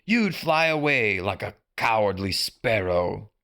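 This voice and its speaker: A man's voice: lowish voice, very animated, takes it slowly, vocal fry, pushed and bright, full character voice. A man voicing a snarling, villainous pirate captain who bellows his threats. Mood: menacing. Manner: bellowing, menacing.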